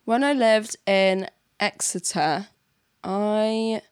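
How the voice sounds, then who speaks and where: A woman's voice: mid-range voice, drawn-out words, smooth, no room sound. Southern English woman, podcast guest, rambling casual chat, close dry sound. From England. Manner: rambling, self-deprecating, lots of fillers. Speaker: podcast guest, music producer.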